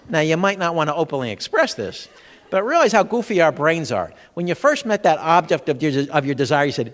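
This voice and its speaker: Lively high-voiced man joking on stage. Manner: jokey, quizzes the audience with rapid questions. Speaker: comedic health educator. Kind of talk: stand-up style seminar talk. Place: large expo hall. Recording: long hall reverb from a live venue.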